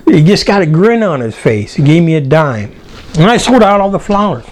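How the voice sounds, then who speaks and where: An older man telling a personal story, animated and acting out the voices of people in his anecdote. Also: a little high, a little fast, a little hiss or hum.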